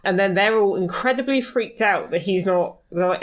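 A woman co-hosting a casual book discussion, thinking aloud and acting out quotes. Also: medium pitch. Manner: quick, thinks aloud with restarts, acts out quotes. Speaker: podcast co-host.

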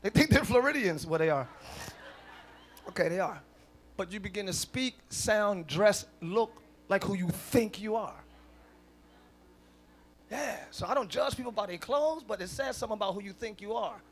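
A man preaching a sermon as pastor at a live church service, swinging from soft conversational asides to loud shouted declarations with call-and-response. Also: high-pitched, animated, moderate pace, long pauses. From northern United States.

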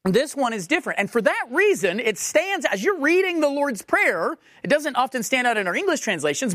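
A man's voice: very high voice, pushed and bright, no echo. Man, pastor, sermon, emphatic and questioning, repeats phrases, dry sound.

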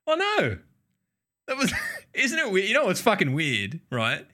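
A man's voice: sits high, wildly swooping pitch, unhurried, pushed and bright. A man co-hosting a podcast in casual chat, laughing often and swearing freely. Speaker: podcast co-host.

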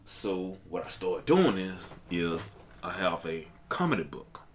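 A man with a very low, deep voice talks earnestly about pushing himself as an aspiring comedian. His delivery is motivational and keeps building with "let me tell you." A faint hiss of noise sits under the recording. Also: very animated, unhurried. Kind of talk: casual podcast chat.

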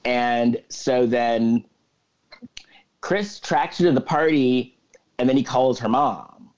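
A man's voice: mid-range voice, slow pace. A man on a podcast, animatedly recapping a movie and slipping into the characters' lines as he goes. The sound is a little dull and lo-fi. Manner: animated retelling with acted-out quotes. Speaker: podcast co-host. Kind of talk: casual chat recapping a movie.

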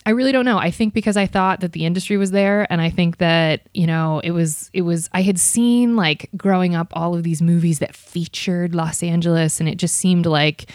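A woman's voice: fairly low pitch, normal speed, hardly any pauses, a little mellow, dry recording, clean studio sound. A young woman from Ohio chatting as an interview guest, self-deprecating and full of fillers. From Ohio, USA. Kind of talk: casual interview chat.

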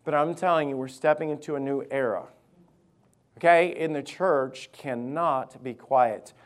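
A man's voice: a little high, fairly even intonation, unhurried. A man, a lead pastor, preaching an impassioned sermon in a church and repeating key phrases for emphasis. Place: church sanctuary.

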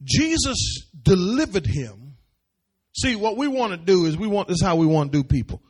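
A man preaching a sermon in church, animated, repeating phrases and building up to shouts. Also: high voice, normal speed, breathy edge. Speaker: pastor. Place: church service.

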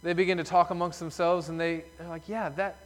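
A pastor with a fairly high, monotone voice preaches quickly in a church sanctuary, telling the story emphatically. The church hall adds a long reverb.

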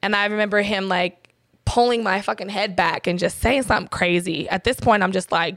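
A woman's voice: medium pitch, a little fast, a bit bright, no echo, studio quality. A woman in an interview, candidly telling a personal story in blunt, profane talk full of fillers. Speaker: interview guest.

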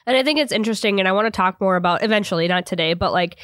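A young woman with a stuffy nose from a cold, co-hosting a casual podcast chat, chatty and quick to laugh. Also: mid-range voice, fairly bright tone, dry recording, clean studio sound. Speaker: podcast co-host.

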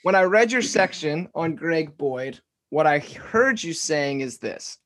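A man hosting a casual interview, relaxed, summarizing the guest's ideas back with filler words. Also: fairly high pitch, measured pace. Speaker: podcast host.

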